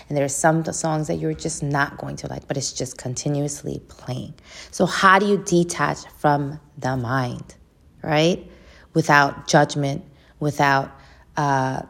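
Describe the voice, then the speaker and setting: A woman with a low voice talks through self-help strategies in a relaxed teaching tone. She often restarts her phrases and checks in with listeners by asking "right?". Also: creaky. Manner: frequent restarts and "right?" tags. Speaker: host. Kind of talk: casual teaching talk.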